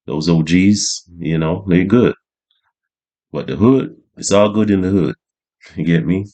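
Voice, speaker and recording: A man talks casually to his viewers in a low, unhurried voice. His speech is loose and slangy and full of fillers. He drifts from thought to thought without any rush. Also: warm tone. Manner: laid-back, slangy, rambling with fillers. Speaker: vlogger. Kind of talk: casual monologue.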